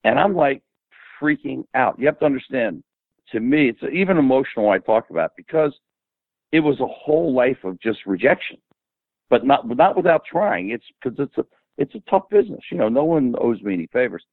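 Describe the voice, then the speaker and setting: A man in his seventies, an interview guest, telling animated anecdotes and acting out the dialogue. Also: mid-range voice, a little fast, no echo. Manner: animated anecdote teller who acts out quoted dialogue. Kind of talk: casual storytelling interview. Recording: tinny phone-like dry audio.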